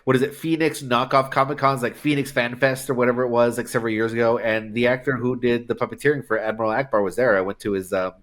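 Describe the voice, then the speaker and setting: A man chatting on a recap podcast, getting worked up and swearing freely. His voice is mid-pitched and ordinary, and he laughs easily between points. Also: steady tone, fast talker, few pauses, a bit bright. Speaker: podcast co-host. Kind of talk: casual chat.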